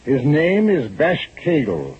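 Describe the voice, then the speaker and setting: An actor playing a stern, shrewd police inspector in a 1940s-style radio drama, probing and dryly sarcastic. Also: male voice, fairly high pitch, wildly swooping pitch, takes it slowly, breathy edge, exaggerated voice. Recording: lo-fi old radio recording with faint hiss.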